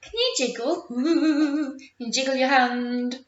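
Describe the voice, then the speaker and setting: A woman teacher reading a picture book to young children, animated and encouraging, drawing words out and making playful sound effects. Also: sits high, slow. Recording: roomy, dull lo-fi sound.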